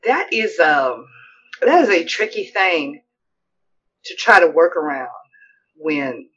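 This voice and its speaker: A woman co-hosting a podcast, chatting in a relaxed, thoughtful way with some hesitations. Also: deep voice, takes it slowly, highs cut off. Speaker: podcast co-host. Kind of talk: casual chat.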